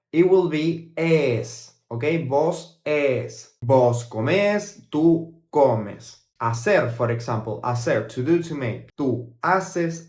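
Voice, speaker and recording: A young man from Argentina with an Argentine accent, a native Spanish speaker teaching a language lesson in English. He slows right down to model each Spanish word and repeats it twice. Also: mid-range voice. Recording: roomy echo.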